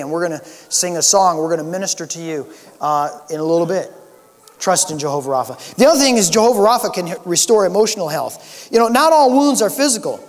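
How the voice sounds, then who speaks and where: A man preaching a sermon as pastor, earnest, swinging between raised emphasis and soft, quiet points. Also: high voice. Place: church sanctuary. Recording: long church hall reverb.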